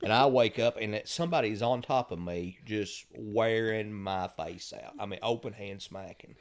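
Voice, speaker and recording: A middle-aged man, telling lively stories as a podcast guest and chuckling at the punchlines. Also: lowish voice, moderate pace. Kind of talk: casual storytelling.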